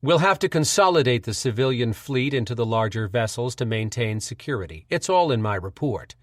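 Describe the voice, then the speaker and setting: A man's voice: medium pitch, animated, a little fast, no room sound, studio quality, lightly acted. A man voicing a weary doctor who speaks tersely and holds back his anger. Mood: terse, restrained. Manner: terse, restrained, impatient. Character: weary, guarded male doctor.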